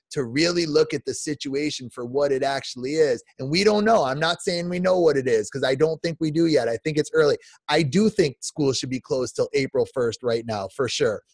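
A man's voice: fairly high pitch, no echo. A man in his forties, a podcast guest, delivering an impassioned rant with emphatic restarts and repeats. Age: 40s.

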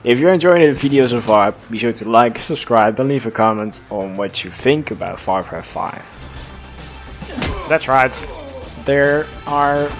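A man giving casual, excitable gameplay commentary, swearing and laughing often. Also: mid-range voice. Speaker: let's play gamer.

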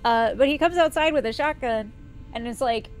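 A woman's voice: on the high side, normal speed, clear, resonant tone, faint music behind. A young woman streamer chatting casually while playing, rambling through stories with lots of fillers. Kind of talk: casual gameplay chat.

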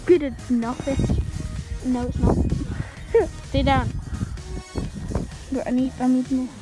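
A woman's voice: high-pitched, slow, loud music behind the voice. A British female vlogger hosting a challenge outdoors in a park, filming on a phone and bossing her friends around. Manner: bossy, excitable, directing friends. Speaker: channel host. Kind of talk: casual challenge vlog.

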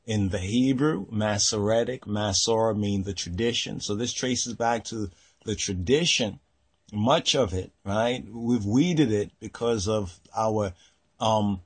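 A man giving a slow religious teaching on a Torah portion, pausing often, repeating words and checking in with "right?". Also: fairly low pitch, husky. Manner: slow, searching, frequent "right?" and fillers.

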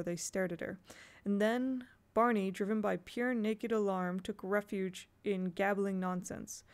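A woman narrating a children's novel aloud at a steady, measured pace. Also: mid-range voice. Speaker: audiobook reader. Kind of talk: storybook narration.

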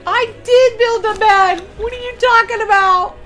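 A woman's voice: very high voice, normal speed. An older woman streaming a video game, exclaiming and talking to herself as she plays. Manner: exclamatory, gasping, talks to herself. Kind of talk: excited live gameplay commentary. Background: loud game music.

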